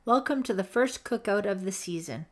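A woman's voice: mid-range voice, expressive, normal speed, close to an everyday voice. A woman voicing a friendly, joking teenage boy camp counselor with an easygoing, teasing manner.

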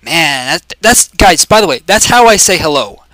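A man's voice: a little high, big pitch swings, normal speed, dry recording. Rowdy, foul-mouthed young gaming commentator man. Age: 20s. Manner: profane, rowdy, shouts greetings at other players. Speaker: gameplay commentator.

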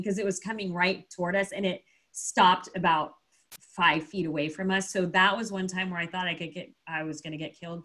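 As an interview guest, a woman of medium pitch relates a story in an easygoing, animated manner, dramatizing quotes and sprinkling in frequent fillers.

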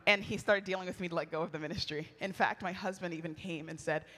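Woman retreat speaker, bright and forceful, storytelling sermon, laughs a lot, long hall reverb. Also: on the low side, quick pace. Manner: animated, chatty, laughs often, acts out quoted lines.

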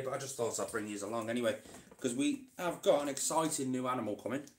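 A man's voice: mid-range voice, darkish tone, recorded from a distance, a little hiss or hum. A man chatting casually as he works with his reptiles, rambling and talking to his animals along the way. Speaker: reptile keeper vlogger. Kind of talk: casual vlog chat while working. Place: indoor reptile room. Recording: roomy sound, away from mic.

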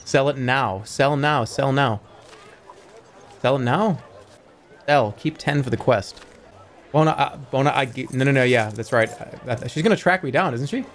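A man streaming a video game, talking his way through it with sudden yelps, swearing and bursts of excitement, and sometimes reading the game's dialogue aloud. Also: mid-range voice, moderate pace, long pauses, slight background noise. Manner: excitable, swearing, yelps and shouts when things go wrong. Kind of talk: live gameplay commentary.

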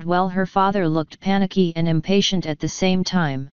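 A woman narrating an audiobook in a measured, precise way, close to the mic. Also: on the low side, clean tone, no room sound, highs cut off. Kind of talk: scripted narration.

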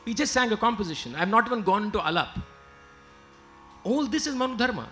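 A man's voice: high-pitched, expressive, fast talker, pushed and bright. A man giving an emphatic lecture-demonstration on music, explaining and stopping to sing short examples. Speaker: lecturer and singer. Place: lecture hall with live musicians.

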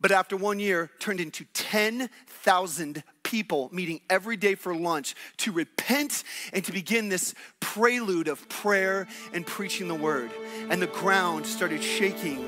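Energetic male pastor, high bright voice, conversational sermon with call-and-response. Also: a little slow, faint music behind. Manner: exclamations and laughs mid-sermon.

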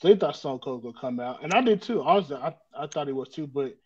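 Man explaining calmly over muffled audio. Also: fairly high pitch, fast talker, slightly rough. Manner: explanatory, builds his points step by step. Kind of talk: casual wrestling chat.

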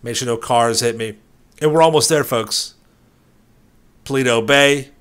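A man's voice: mid-range voice, a little slow, a bit bright, clean tone. A young man giving playful gameplay commentary, hamming up a mock-dramatic story with streetwise slang. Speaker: gaming YouTuber.

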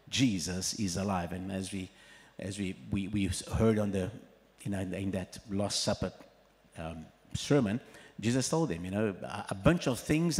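A man preaching an Easter sermon as pastor, telling the story in an animated way and playing out the voices of the people in it. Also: fairly low pitch, long reverb tail. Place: church hall.

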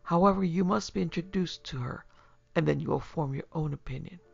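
A woman reading as a feverish young man, gravelly and husky, muttering in dreadful whispers. The voice is quite deep, over a dull recording with faint music behind it. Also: brisk, heavily acted. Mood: cheerful. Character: feverish tormented young male student.

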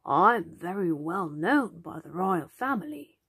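A woman voicing a proud, gentle male stone lion in a storybook reading, soft-spoken. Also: on the low side, sing-song, a little slow, slightly rough, no room sound, exaggerated voice.

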